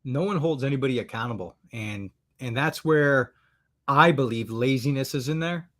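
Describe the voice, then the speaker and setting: A man chats as a guest on a live stream in an easygoing, unhurried way. He often repeats his words as he goes. His voice sits at an ordinary middle pitch. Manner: relaxed, rambling, repeats words. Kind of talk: casual chat.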